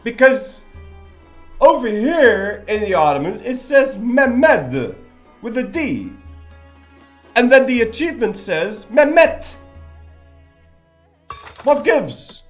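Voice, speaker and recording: Brief: young male game streamer, animated and rambling, loose and profane. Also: extremely high pitch, slow pace, pauses often, soft background music. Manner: rambling, joking, swears freely. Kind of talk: casual live-stream chat.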